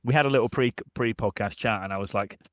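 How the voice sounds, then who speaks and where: A man's voice: on the low side, fast, no echo, studio quality. A man hosting an interview podcast, chatty and friendly, often calling his guest "my friend". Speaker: podcast host, recruiter.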